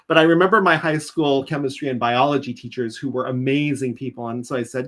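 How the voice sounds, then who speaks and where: A man's voice: mid-range voice, quick pace. A man from California, a nursing executive guest in an interview, telling stories animatedly and acting out quotes. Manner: animated storyteller, acts out quotes, laughs. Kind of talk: interview conversation, storytelling.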